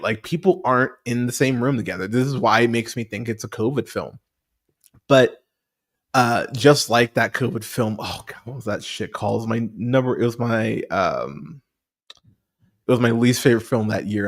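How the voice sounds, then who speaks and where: A man hosting a movie podcast, rambling through a profane casual review with lots of restarts and fillers. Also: medium pitch.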